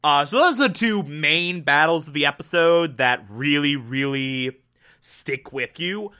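A young man with a bright, forward voice that sits a little high talks through a TV episode in an easy, unscripted way. He is enthusiastic and rambling, with plenty of fillers and the odd swear word. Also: lively intonation, unhurried. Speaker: TV episode reviewer. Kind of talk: casual spoken review.

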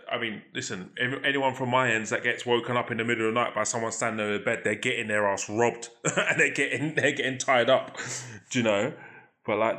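A man hosting a podcast, reacting excitably to a guest's story in slangy, casual chat. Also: mid-range voice. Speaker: podcast host.

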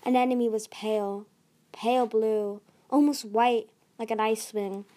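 A woman reading a fantasy novel aloud, slowly and haltingly, with frequent restarts. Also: a little high, fairly even intonation, dark tone. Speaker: audiobook reader. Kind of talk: amateur audiobook narration.

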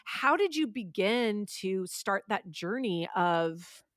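A woman hosts a podcast interview, asking gentle questions and murmuring agreement often. Her pitch is ordinary for a woman. The recording is dry, with no room sound. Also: expressive, slow pace, no room sound. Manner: warm affirming, frequent backchannels. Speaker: podcast host.

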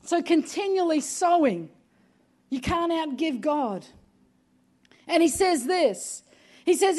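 Woman pastor, very high voice, emphatic sermon delivery, repeats "come on". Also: expressive, slow, long pauses, a little mellow. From Australia. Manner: emphatic, repeats "come on", often raises her voice.

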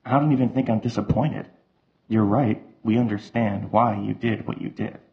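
A man's voice: fairly low pitch, fairly even intonation, moderate pace, creaky. A man doing a weary, earnest young man. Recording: slightly muffled.

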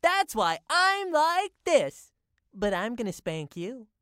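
A woman doing a bratty man-child cartoon, high voice, slow drawn-out whining, music underneath. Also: sing-song, a bit bright, clear, resonant tone, dry recording, studio quality, full character voice. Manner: whiny, bratty childish talk.

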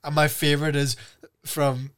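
Young man, podcast co-host, animated storyteller, slightly higher voice, faint hiss. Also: moderate pace. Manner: animated storyteller who puts on voices when quoting. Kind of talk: casual chat.

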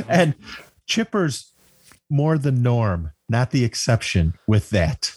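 A man's voice: medium pitch, very animated, takes it slowly, a little mellow, slightly rough, no room sound, clean studio sound. A man co-hosting a sports podcast, chatting casually and teasing his friend. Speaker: podcast co-host. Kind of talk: casual chat.

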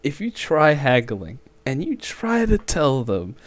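A man's voice: slow pace, no room sound. A young man from the Middle East, a podcast guest, chatting casually and laughing often. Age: young adult. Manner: laughs often, animated with lively pitch. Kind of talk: casual chat.

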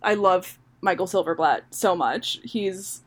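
A woman's voice: lowish voice, unhurried. A young woman co-hosting a podcast in casual chat, rambling with lots of fillers and frequent laughs. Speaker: podcast co-host.

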